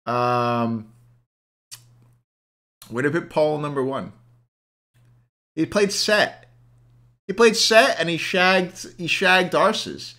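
A man's voice: a little high, takes it slowly, long pauses, sharp tone. A young man in a casual live stream, ranking players and ranting at his chat with plenty of swearing, hungover. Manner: swears a lot, rants at chat.

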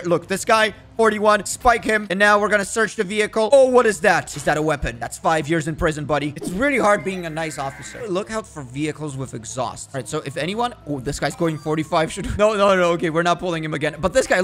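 A young man commenting on his gameplay, excitable and jokey, slipping into mock-stern cop bluster. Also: on the high side, quick pace, hardly any pauses. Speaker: gaming YouTuber.

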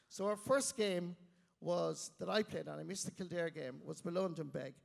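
A middle-aged Irish man from County Clare, a guest telling self-mocking stories in an animated way on a live stage. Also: high-pitched, a little fast, gravelly. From Ireland, County Clare. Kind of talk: storytelling interview. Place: live stage before an audience. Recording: long reverb of a live venue.

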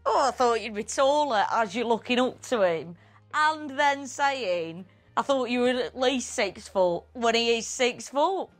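A woman joking with her brother as they watch TV, teasing him with quick comebacks and giggling. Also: on the high side, expressive, faint music behind. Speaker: TV viewer commenting. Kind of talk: casual banter with her brother.

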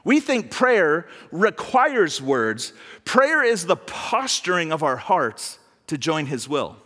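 Lively high-voiced male pastor preaching. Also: takes it slowly, big-room sound. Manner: conversational, animated, voices God humorously. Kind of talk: sermon. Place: church hall.

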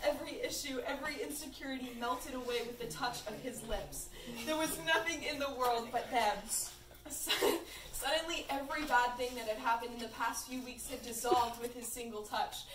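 A woman's voice: fairly high pitch, fairly even intonation, moderate pace, recorded from a distance. Young woman reading fan fiction aloud. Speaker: reader. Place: room at a birthday party. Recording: echoey room from afar, faint noise.

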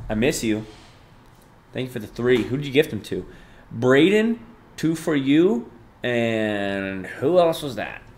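A chatty young man livestreams casually, reading chat aloud and thanking gifters while swinging between loud excitement and low mumbling. A little hiss or hum sits in the audio.

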